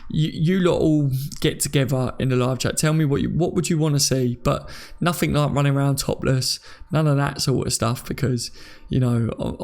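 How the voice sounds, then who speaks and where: Gravelly and a little mellow, this young man's mid-range voice carries his London-area English accent. He's running a live stream, reading viewer comments aloud, chatting casually and cracking jokes with frequent laughter.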